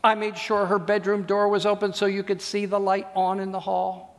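High-voiced man preaching in a hall. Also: normal speed. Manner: animated storyteller, acts out voices. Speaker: pastor. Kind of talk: sermon with storytelling. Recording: long hall reverb.

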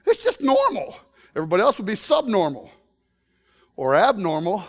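A man preaching a lively sermon, joking with the congregation and acting out Bible characters as he goes. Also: high voice, moderate pace. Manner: playful, jokes with the crowd, acts out Bible characters. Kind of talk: animated sermon. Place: church sanctuary. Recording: long reverb of a large hall.

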